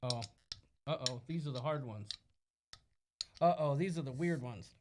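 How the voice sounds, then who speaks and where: A Midwestern American man co-hosting a casual live-stream chat, jokey and animated, reading out viewer comments. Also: mid-range voice, normal speed, a little hiss or hum. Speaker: co-host.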